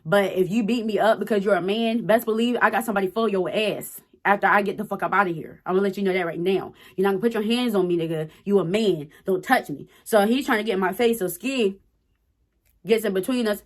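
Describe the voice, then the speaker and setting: A woman's voice: mid-range voice, quick pace. Woman in her 20s, storytime vlogger, blunt, cussing, emphatic, casual to camera.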